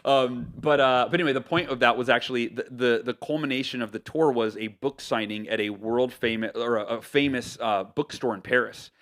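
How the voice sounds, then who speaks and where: A man from the United States, an author, telling stories as a podcast guest in an animated way, with lots of fillers and restarts. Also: medium pitch, brisk, few pauses. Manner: animated, loose talk with many fillers and self-corrections. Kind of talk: casual storytelling interview.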